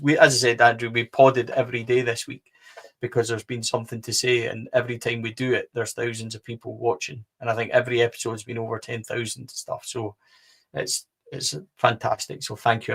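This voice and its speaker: A man's voice: medium pitch, fairly bright tone. A man with a Scottish accent co-hosting a football podcast, chatty and rambling, with lots of fillers. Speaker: podcast co-host. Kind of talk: casual football podcast chat.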